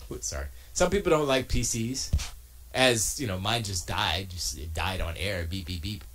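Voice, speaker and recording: Speaking at a normal speed in a low-pitched voice, a man streams from his home studio. He keeps things casual, responding to his chat and bantering and arguing with animation.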